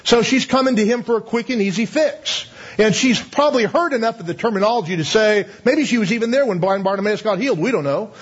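A man's voice: high-pitched, fast, husky. A man preaching a sermon in a conversational way, asking the audience questions and laughing now and then. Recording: slightly dull lo-fi sound.

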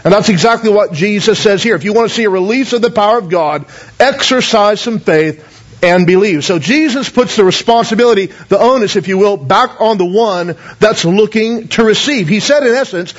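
A man's voice: high voice, normal speed. A man, a pastor, reading scripture, praying and preaching to a congregation, earnestly asking them questions and often repeating words as he goes. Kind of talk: sermon with scripture reading and prayer. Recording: dull lo-fi recording.

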